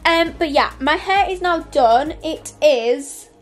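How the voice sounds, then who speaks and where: A young woman vlogs to a handheld camera at home in a high, light voice. She rambles in a chatty, bubbly way, and faint music plays behind her. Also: expressive, slow. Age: young adult. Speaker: vlogger. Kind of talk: casual vlog to camera. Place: home, indoors.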